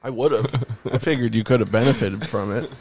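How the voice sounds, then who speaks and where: A man's voice: medium pitch, a little fast, a little mellow. A man teasing his friends sarcastically during a casual chat.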